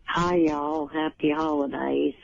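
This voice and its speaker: A man's voice: on the high side, little pitch movement, takes it slowly, creaky, no room sound. A man putting on a drawling Western cowboy landlord. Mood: folksy greeting. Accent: put-on American Western drawl. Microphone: telephone. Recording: dull, dry phone line.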